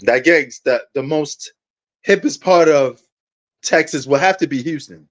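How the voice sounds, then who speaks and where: A man's voice: fairly high pitch, unhurried. A man hosting a sports livestream, rambling in a laid-back, casual way and talking straight to his viewers.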